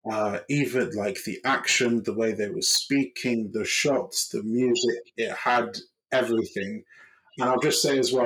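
Husky-voiced male podcast host. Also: medium pitch, a bit bright, rough recording. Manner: chatty, with frequent fillers. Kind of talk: casual chat.

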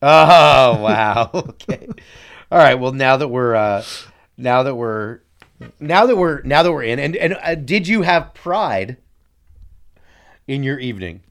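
A man's voice: medium pitch, lively intonation, takes it slowly, pauses often, a bit bright. A man hosting a casual podcast, asking follow-up questions in a teasing, wry way. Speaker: podcast host. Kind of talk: casual chat.

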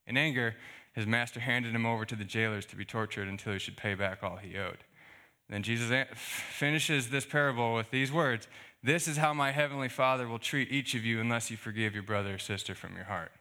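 A man's voice: mid-range voice, fairly quick. A male pastor giving a conversational sermon, reading scripture and explaining it with rhetorical questions. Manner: conversational, animated preaching with fillers and rhetorical questions.

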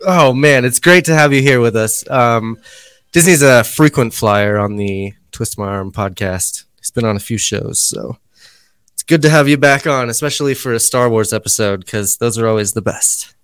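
Podcast host, male, giddy and breathless, drifts into soft mumbled asides. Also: medium pitch, normal speed, clear, resonant tone, no room sound. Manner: excitable, breathless, trails off quietly. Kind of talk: casual podcast chat.

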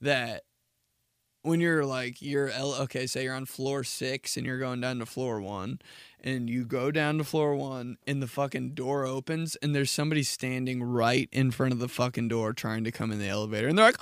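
A young man hosting a casual solo podcast, ranting profanely and acting out mocking quotes in shrill voices. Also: animated, normal speed, a bit bright, smooth, no room sound, clean studio sound. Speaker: podcast host.

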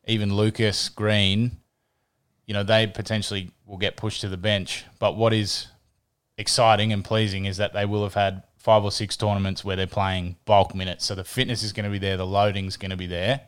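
Aussie guy chatting sport on a podcast, lowish smooth voice, keeps restarting his sentences. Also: little pitch movement, normal speed. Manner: chatty, repeats words while thinking. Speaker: podcast co-host. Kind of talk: casual sports chat.

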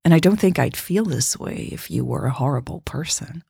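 A woman reading a story voices a warm adult woman who teases gently. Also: low voice, animated, moderate pace, creaky, slightly rough, no echo, studio quality, full character voice. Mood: teasing. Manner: gentle, teasing.

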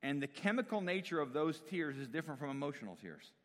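A man's voice: a little high, big pitch swings, fast talker, fairly bright tone. A man preaching a conversational sermon to a congregation, often asking them questions. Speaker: pastor. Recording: long hall reverb.

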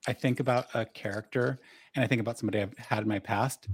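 A man's voice: mid-range voice, steady tone, quick pace, breathy edge. A man, the game master, chatting casually through announcements before a tabletop game, rambling and poking fun at himself. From Southern Oregon. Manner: rambling, self-mocking, laughs at himself.

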